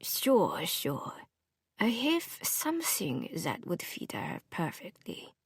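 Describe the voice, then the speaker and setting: A woman voicing a small, kindly old male bowmaker in his seventies with a thick German accent, read in an audiobook with a hushed, breathy delivery. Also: lowish voice, huge pitch swings, takes it slowly, no room sound, clean studio sound, exaggerated voice. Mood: fond, hushed. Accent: German (put on). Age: 70s (figure). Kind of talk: audiobook character voice.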